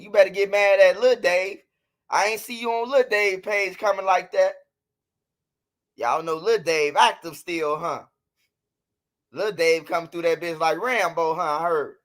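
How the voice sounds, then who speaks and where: A man's voice: high-pitched, a bit bright. A man with a Chicago accent hosting casual livestream commentary, mocking and trash-talking his critics with lots of repetition. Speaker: commentary host of a street news channel.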